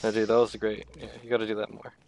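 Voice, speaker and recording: A young man streaming a game with a friend, excitable and teasing, laughing often. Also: fairly low pitch, rapid-fire, slight background noise. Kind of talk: casual gaming chat.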